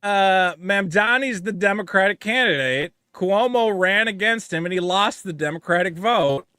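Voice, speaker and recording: A man's voice: sits high, normal speed, clean tone, dry recording, studio quality. A man co-hosting a comedy podcast, trading crude political jokes and slipping into mocking voices. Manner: animated, profane, slips into mocking put-on voices. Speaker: podcast co-host.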